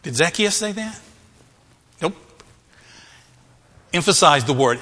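A man's voice: a little high, expressive, slow, bright, forceful tone. A male pastor preaching a sermon, asking rhetorical questions and repeating phrases for emphasis, in a church. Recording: reverberant hall.

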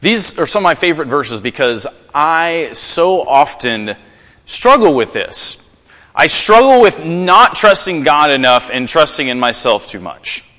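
A man preaching a sermon to a congregation, telling stories in an animated way. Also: measured pace, in a large hall. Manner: animated storytelling, rising pitch in acted quotes. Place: church.

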